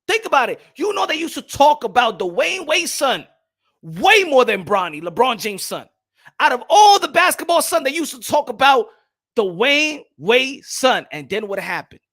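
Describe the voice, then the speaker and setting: Hosting a boxing talk show, a young man rants loudly and animatedly at a normal speed. His bright, sharp voice leaps all over in pitch, and he hammers the same points repeatedly, dropping from shouts into low muttering.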